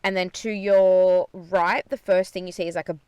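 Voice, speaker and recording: A woman's voice: lowish voice, fairly even intonation, moderate pace, darkish tone, smooth, no room sound. A woman podcast co-host telling a story in casual chat, swearing freely and retelling things with energy, recorded inside a parked car.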